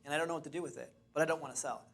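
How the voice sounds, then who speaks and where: A woman's voice: sits low, fairly even intonation, racing, gravelly. A man quoting a young woman of about twenty who pesters him for cigarette and beer money. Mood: matter-of-fact. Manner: pushy, wheedling.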